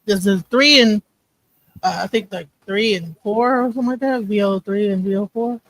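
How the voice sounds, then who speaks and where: A woman's voice: medium pitch, moderate pace, no room sound, poor audio. A woman in a casual podcast chat, asking many questions. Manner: inquisitive, asks many questions.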